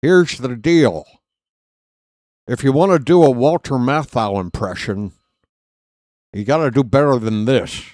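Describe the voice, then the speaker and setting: A man's voice: mid-range voice, measured pace, long pauses, a little mellow, no room sound, studio quality. A man calling a live baseball game as a streaming host, in a rambling, jokey, self-deprecating way. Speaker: play-by-play streamer. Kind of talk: live play-by-play commentary.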